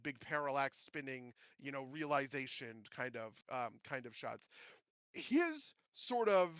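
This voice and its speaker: A man hosting a podcast, chatting casually about movies in a rambling, animated way with many restarts. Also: a little high, no room sound, poor audio. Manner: rambling, animated, self-interrupting. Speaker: podcast host.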